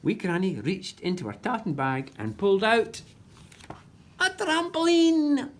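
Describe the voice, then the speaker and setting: A woman reading a children's story aloud with expressive narration. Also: lowish voice, normal speed.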